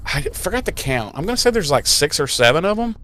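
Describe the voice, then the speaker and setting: Speaking fast in a fairly high voice, a podcast co-host recaps an episode in casual chat, animatedly acting out scenes with silly voices and laughing. The podcast microphone picks up a little hiss or hum.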